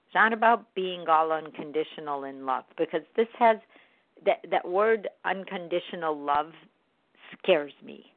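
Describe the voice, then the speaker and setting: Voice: medium pitch, animated, unhurried, no room sound. Earnest self-help talker, coaching tone, tinny phone-like sound, dry. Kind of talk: reflective spoken monologue.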